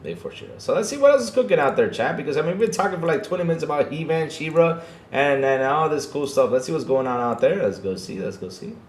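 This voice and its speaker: A man hosting a casual livestream podcast, talking excitedly to his chat and repeating himself often. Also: a little high, quick pace, reverberant, slight background noise. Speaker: podcast host streaming to chat.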